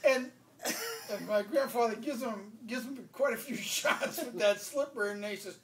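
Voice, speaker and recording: A man's voice: very high-pitched, normal speed, fairly bright tone, echoey room. A man telling a funny childhood story in casual conversation, often breaking into laughter. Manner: laughs a lot while telling a family story. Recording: distant mic with faint background noise.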